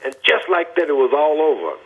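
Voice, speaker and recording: An older man from Texas, telling his personal testimony as a guest in an earnest, deliberate, emphatic way over a phone line. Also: a little high, very animated, breathy edge.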